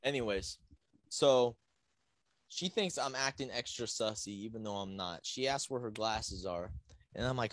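A young podcast co-host tells stories casually and profanely, acting out the voices of the people in them. His voice is on the low side and his pace measured, with no room sound on the recording.

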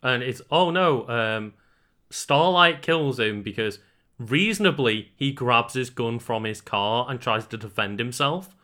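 A man's voice: medium pitch, expressive, unhurried, bright, forceful tone. A man in casual chat, laid-back and laughing along.

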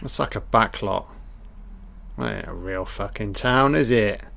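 Slow-talking sarcastic, sweary man. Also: lowish voice, expressive, creaky, a bit bright. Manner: blunt, sarcastic, heavy swearing; dry running critique. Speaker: film commentator. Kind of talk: casual film watch-along commentary.

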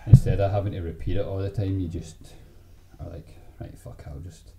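A man's voice: deep voice, steady tone, brisk, gravelly. A young Scottish man with a Glaswegian accent, chatting casually as a podcast co-host, swearing and laughing often. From Scotland. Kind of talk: casual chat over drinks. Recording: echoey room with faint noise.

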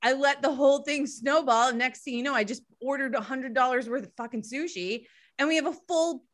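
A woman's voice: high-pitched, a little fast. A middle-aged woman, hosting a podcast and telling stories in casual chat, swearing freely. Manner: animated storytelling, swears casually. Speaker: podcast host.

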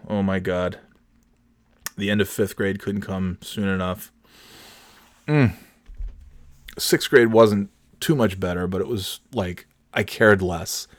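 Low-voiced man ranting with profanity. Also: no room sound, studio quality. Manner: profane, animated storytelling. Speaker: podcast host, parent. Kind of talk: casual ranting monologue.

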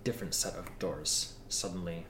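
A man's voice: sits low, steady tone, moderate pace, reverberant, music in the background. A man narrating as game master in a laid-back way, describing scenes with casual swearing.

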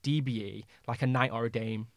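A man chatting as a podcast co-host, speaking in an opinionated, animated way and laughing easily. His voice sits at a middling pitch. The recording is dry and close, with no room sound. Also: brisk, no room sound. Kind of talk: casual chat.

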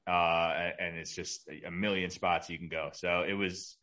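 An easygoing man in his thirties co-hosting a podcast, telling stories with a wry, relaxed edge. His voice sits a little low. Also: moderate pace. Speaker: podcast co-host. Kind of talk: casual chat.

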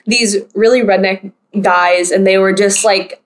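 A woman's voice: medium pitch, steady tone, a little slow. A young woman from the United States hosting a podcast, talking casually with lots of fillers and laughing as she tells stories. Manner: chatty, many fillers, laughs while telling stories. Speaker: podcast host. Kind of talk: casual chat.

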